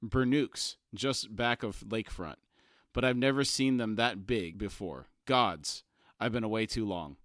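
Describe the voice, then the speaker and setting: Man reading a quiet wistful young man. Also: lowish voice, measured pace, no echo, clean studio sound. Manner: quiet, musing.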